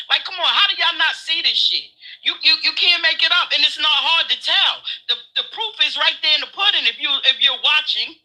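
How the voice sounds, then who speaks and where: A man's voice: extremely high pitch, expressive, fairly quick, pushed and bright, low-quality recording. A man co-hosting a casual political chat, profane and heated, laughing as he rants. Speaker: co-host.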